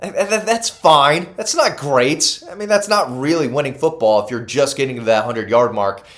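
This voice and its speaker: A man's voice: medium pitch, expressive, normal speed, fairly bright tone. A man giving solo college football analysis, emphatic and casual, repeating key stats for effect and correcting himself as he goes. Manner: self-correcting, casual asides. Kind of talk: solo sports commentary.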